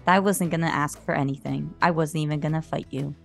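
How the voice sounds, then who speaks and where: A woman with a fairly low voice plays a tabletop game and answers the game master bluntly. Faint music sits under her voice. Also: steady tone, a little fast, vocal fry. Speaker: player. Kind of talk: playing a tabletop game in character.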